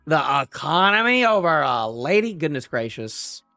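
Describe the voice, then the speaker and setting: A man's voice: fairly high pitch, big pitch swings, moderate pace, bright, forceful tone, no room sound, studio quality, soft background music. Playful man reacting live to manga. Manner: playful, jokey, riffing with repetition. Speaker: manga reviewer.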